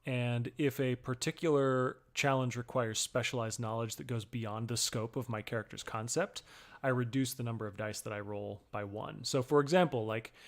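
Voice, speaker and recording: A man co-hosting a casual chat, explaining the rules of a tabletop game step by step with examples. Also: medium pitch. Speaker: co-host and player.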